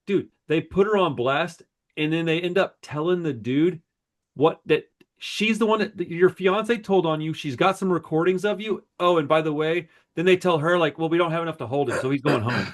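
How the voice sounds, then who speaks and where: Guy on a podcast, kinda high voice, rambling story full of bro and dude, swears a lot. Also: normal speed. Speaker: podcast co-host. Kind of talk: casual chat.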